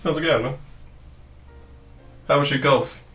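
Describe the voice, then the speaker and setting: A crypto trading streamer rambles casually on his livestream, swearing and laughing often. His voice is fairly high, a little slow and a bit bright. The room echoes, and faint music plays behind him.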